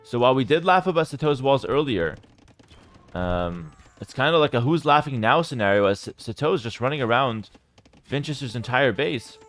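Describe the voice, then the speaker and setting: A man streaming live esports commentary, talking straight to his chat, firing off quick play-by-play and breaking into excited outbursts. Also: medium pitch, soft background music. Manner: chats to viewers as "guys". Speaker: streamer casting a game.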